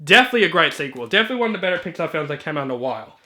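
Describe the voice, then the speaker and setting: A man reviewing movies in a casual video, chatty and enthusiastic, with filler ums and quick asides. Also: a little high, very animated, bright, forceful tone. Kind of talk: casual collection walkthrough.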